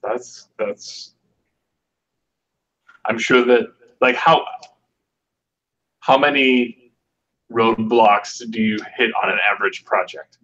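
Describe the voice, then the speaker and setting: A man hosting a casual online hangout, rambling and halting with lots of fillers. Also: medium pitch, fairly even intonation, fairly bright tone. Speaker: host. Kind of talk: casual chat. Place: online video call. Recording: dull lo-fi audio.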